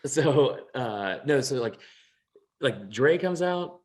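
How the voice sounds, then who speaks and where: This young sports podcast co-host speaks slowly in a medium-pitched, somewhat dark voice with lively intonation. He chats casually and rambles, swearing a lot, restarting often, and laughing at his own remarks.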